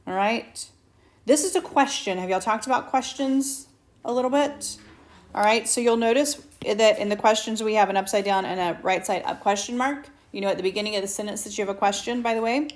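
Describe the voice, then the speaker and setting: A woman teacher, slowly and patiently walking students through a Spanish lesson and asking them questions. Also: mid-range voice. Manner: slow patient explaining, asks students questions. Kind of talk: recorded whiteboard lesson. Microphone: tablet mic.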